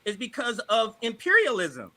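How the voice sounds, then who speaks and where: A man's voice: very high voice, wildly swooping pitch, moderate pace, pushed and bright. A man who is an activist guest in a heated panel debate, angry, profane and combative, speaking over a video call.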